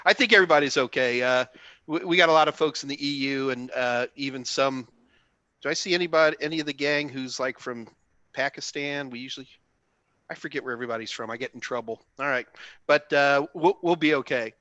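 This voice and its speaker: A man's voice: mid-range voice, a little fast, pushed and bright, no room sound, dull audio. A man with a Texan accent hosting a live question-and-answer stream, joking and chatty with lots of fillers. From Texas. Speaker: host.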